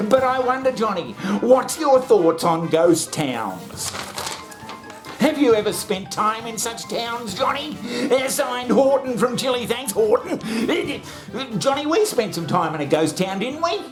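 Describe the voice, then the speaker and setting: Crude comic host, self-bantering, heavy swearing, music bed. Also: male voice, extremely high pitch, sing-song, measured pace. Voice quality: crude, swearing, laughing at own jokes. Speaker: comedy show host. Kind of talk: comic monologue, bantering with himself.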